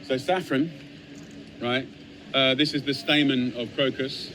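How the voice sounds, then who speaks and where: An English man speaks straight into his phone with eager, piled-up lists and repeated phrases. His voice sits at a middling pitch, and a faint hum of traffic and shop bustle runs behind him. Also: fairly even intonation, unhurried, pushed and bright. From England. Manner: enthusiastic, piles up emphatic lists and repeats phrases. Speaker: chef. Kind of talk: casual talk to a phone camera. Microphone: phone camera.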